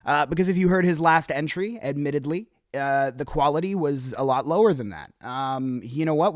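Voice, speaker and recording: A man's voice: fairly high pitch, no room sound, studio quality. A young man hosting a rap feedback show, giving candid casual critique with frequent swearing and many ums and restarts.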